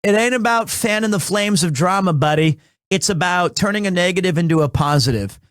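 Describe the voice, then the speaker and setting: Man, casual stream chat, rambling, restarts, higher pitch, dry sound. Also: animated, fairly quick, fairly bright tone, clear, resonant tone, no room sound.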